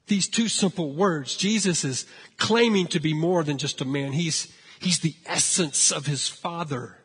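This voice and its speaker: A man preaching a sermon, telling a story with lively acted-out voices. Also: a little high, a little slow, husky, long reverb tail. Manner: animated storytelling, acting out frightened voices. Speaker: pastor.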